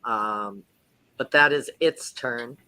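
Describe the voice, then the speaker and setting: A man's voice: mid-range voice, slow pace, pushed and bright, a little hiss or hum. A man narrating as game master of a tabletop game, casual and stopping to check rules aloud.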